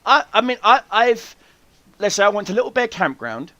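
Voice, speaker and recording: Swearing a lot, a man with a high voice spins lively, boastful stories while hosting a casual podcast chat. He talks at normal speed, and the recording is dry.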